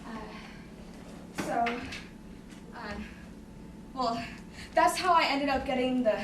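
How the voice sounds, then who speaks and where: A woman's voice: sits high, very slow, very noisy. A young woman in her twenties performing a self-deprecating comic monologue on stage, rambling and laughing often. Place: theater stage with audience. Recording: echoey theater, mic far off.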